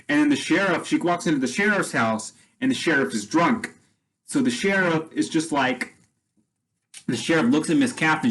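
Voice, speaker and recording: A man's voice: a little high, normal speed, fairly bright tone, poor audio. Rambling man retelling a story. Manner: rambling, lots of fillers and repeats.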